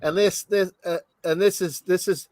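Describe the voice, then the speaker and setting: Host for a watch-along commentary: a rambling man, higher voice, dry sound. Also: steady tone, normal speed, a little mellow, dry recording. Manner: rambling, thinking aloud with many fillers. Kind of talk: casual movie commentary.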